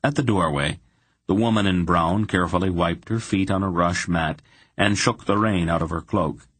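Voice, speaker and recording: A man reading a fantasy audiobook aloud in slow, even storytelling. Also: low voice, no echo. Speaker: audiobook narrator. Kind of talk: scripted fantasy narration.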